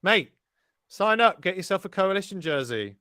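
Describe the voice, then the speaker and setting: A man giving casual, excitable live race commentary, sweary and rambling with fillers. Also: high voice, moderate pace, smooth.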